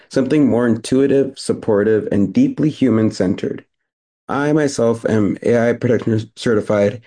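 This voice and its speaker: A young man with a hoarse voice reading a scripted company pitch over a video call. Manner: steady, scripted delivery. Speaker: founder and CEO. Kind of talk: read pitch presentation.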